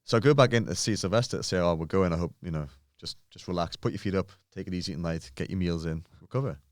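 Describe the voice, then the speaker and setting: A man in his thirties telling a lively gym story in casual chat, swearing freely and acting out what people said. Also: sits low, fast, no echo, clean studio sound. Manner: animated, swears often, acts out quotes. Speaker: podcast guest, bodybuilder.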